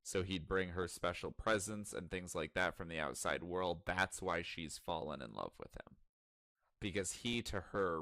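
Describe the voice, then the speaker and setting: A man co-hosting a casual podcast, recapping a story with animated, profane storytelling. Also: low voice, no room sound, studio quality. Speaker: podcast co-host. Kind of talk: casual chat.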